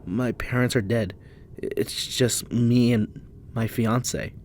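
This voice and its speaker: A man's voice: medium pitch, steady tone, slow pace, a little hiss or hum, close to an everyday voice. A man voicing a frightened young man, an engaged hunter who stammers and pleads. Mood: stammering. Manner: stammering, pleading, near hysterical.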